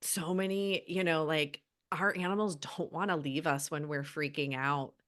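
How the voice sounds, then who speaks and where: Earnest woman with a low-ish voice. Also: steady tone, normal speed, a bit bright. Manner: earnest and heartfelt, with many restarts. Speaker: animal healer guest. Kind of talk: casual podcast conversation.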